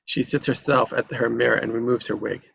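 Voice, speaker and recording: A man's voice: mid-range voice, steady tone, fairly quick, gravelly, a bit bright, husky. A man reading the stage directions in a table read, in a plain, matter-of-fact way.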